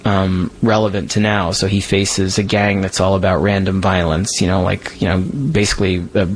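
A man's voice: low voice, level tone, normal speed, a little hiss or hum, poor audio. Candid, rambling male writer. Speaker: comic book writer, guest. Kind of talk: interview answers. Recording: music playing underneath.

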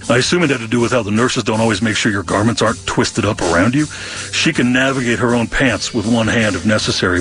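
A man narrating a personal story in the first person, candid and wry with deadpan humor. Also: on the low side. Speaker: memoir narrator.

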